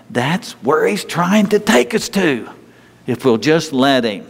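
A man preaching a sermon in an emphatic, conversational way, sometimes jumping into a high, whiny voice to mock complainers. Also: big pitch swings, slow, gravelly, husky. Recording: long hall reverb.

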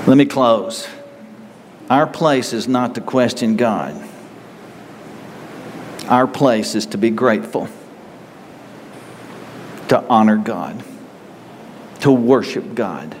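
Male pastor, mid-pitched, earnest sermon delivery, reverberant sanctuary sound. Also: animated, takes it slowly, long pauses, a little hiss or hum. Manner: earnest, rising to emphatic reading of scripture.

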